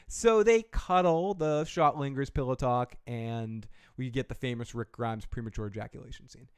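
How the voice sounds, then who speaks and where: A man's voice: mid-range voice, clean tone, dry recording, studio quality. A man hosting a casual TV episode review, joking and profane, with frequent asides. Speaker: show host.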